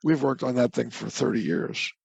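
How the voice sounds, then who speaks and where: Gravelly, husky older man lecturing. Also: mid-range voice, moderate pace, darkish tone, no room sound, muffled recording. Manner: expansive, lecturing, emphatic repetition. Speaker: guest scientist. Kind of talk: opinionated conversational lecture.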